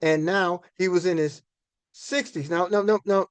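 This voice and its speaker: A man in his sixties with a fairly high voice, talking to an audience in a loose, folksy storytelling way. He repeats and restarts words as he thinks aloud. The sound is close and dry. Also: fairly even intonation, normal speed, smooth, no room sound. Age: 60s. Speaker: minister giving a finance talk.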